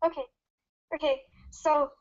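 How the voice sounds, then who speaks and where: Young woman, high and hesitant, lo-fi call audio. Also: little pitch movement, measured pace, darkish tone. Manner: hesitant, stammering, giggly. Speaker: fanfic reader, guest. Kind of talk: casual chat and reading aloud. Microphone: computer mic on a video call. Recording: muffled lo-fi mic with faint hiss.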